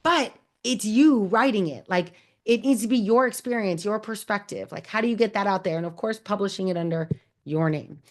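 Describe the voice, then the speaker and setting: A woman's voice: mid-range voice, normal speed. A woman hosting a Q&A, giving upbeat, encouraging advice straight to her audience and calling out to them. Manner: energetic, encouraging, calls out to the audience. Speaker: host. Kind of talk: Q&A advice talk.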